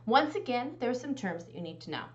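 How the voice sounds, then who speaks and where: A woman instructor talks through a recorded lecture with a clear, explanatory manner. Her voice sits a little high and moves with lively rises and falls. The audio is somewhat dull and lo-fi. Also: fast talker.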